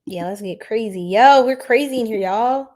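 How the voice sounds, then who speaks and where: A woman's voice: a little high, normal speed, a little mellow. A woman hosting an astrology livestream in casual, slangy chat, laughing often and reacting to viewers' comments.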